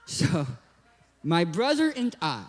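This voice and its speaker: Young man, high voice, lisping cartoon-like speech, hyper and joking youth talk, echoey hall. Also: sing-song, slow pace. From Southern California. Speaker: guest speaker.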